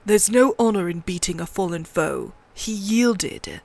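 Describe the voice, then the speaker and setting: A woman reading a quiet, firm young man. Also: medium pitch, slow pace, close to an everyday voice. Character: earnest young man, steady and protective.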